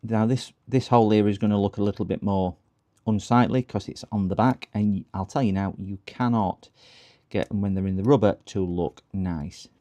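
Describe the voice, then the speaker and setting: A man's voice: fairly low pitch, steady tone, moderate pace, dark tone. A man doing a laptop repair on a live stream, talking to his viewers in a chatty, joking and self-deprecating way as he works. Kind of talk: livestream repair commentary.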